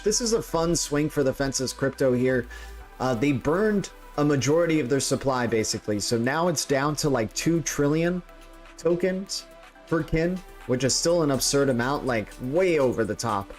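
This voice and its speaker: Joking, rambling livestream host, a man. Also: medium pitch. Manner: joking, rambling, many restarts. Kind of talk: casual crypto livestream chat.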